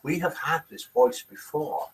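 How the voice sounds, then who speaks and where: A man's voice: on the high side, sing-song, unhurried, vocal fry, rough recording. An older man hosts a live webcast quiz and reads out viewers' comments in a chatty way. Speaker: host of a live daily quiz and chat show. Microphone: desk microphone.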